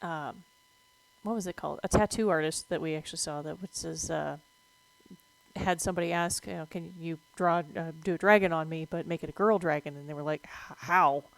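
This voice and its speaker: A woman's voice: sits low, fairly quick, vocal fry, dry recording, rough recording. Chatty woman streamer, dry sound. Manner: chatty, jumps between calm talk and excited yelps at the game. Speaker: streamer talking veterinary topics. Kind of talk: casual gameplay commentary.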